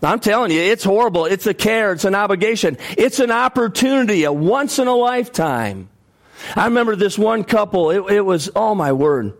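A male pastor preaching a sermon, telling a story emphatically, repeating phrases and dropping his voice low and soft at the sad parts. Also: animated, moderate pace.

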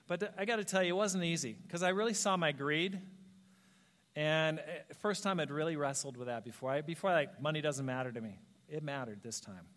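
A pastor preaching a sermon in a church, telling personal stories in an animated way and acting out the voices of people he quotes. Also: on the high side, brisk. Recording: long hall reverb.

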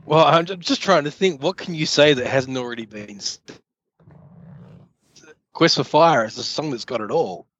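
A man's voice: a little high, moderate pace, pauses often, a bit bright, no room sound, lo-fi sound. A man co-hosting a casual podcast chat, opinionated with dry jokes. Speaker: podcast co-host.

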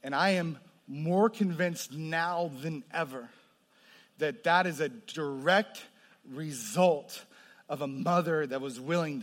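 A man preaching a testimony sermon, moving between hushed storytelling and loud, impassioned passages. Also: a little high. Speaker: pastor. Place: large hall with audience. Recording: long hall reverb.

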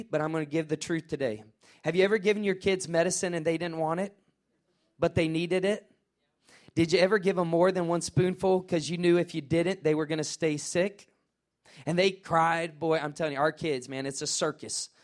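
A middle-aged pastor, preaching a lively sermon and calling out to his congregation. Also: a little high. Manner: energetic, call-and-response with congregation. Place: church sanctuary.

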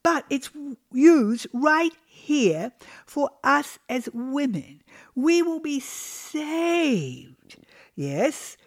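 Woman teaching the bible real slow, lingers on words, voice rises and falls a lot. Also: medium pitch. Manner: slow, earnest, reads scripture aloud and lingers on key words.

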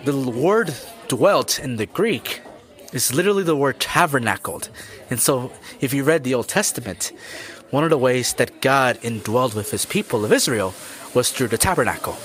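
A man's voice: medium pitch, lively intonation, normal speed, a bit bright. A man hosting a Christian podcast, explaining scripture in an earnest, preacherly way and speaking straight to the listener. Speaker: podcast host.

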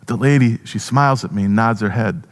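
A male pastor giving a first-person storytelling sermon, animated with halting restarts. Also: on the low side.

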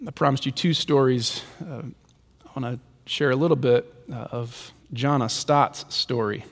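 A male pastor preaching a sermon with rhythmic repetition, swinging between soaring lines and hushed ones. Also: medium pitch, a little slow. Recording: long reverb of a large hall.

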